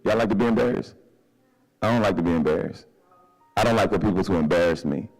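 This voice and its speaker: A man preaching a sermon in a church, animated and humorous, calling for responses from the congregation. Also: sits low, fast, husky, faint music behind. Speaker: pastor. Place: church sanctuary.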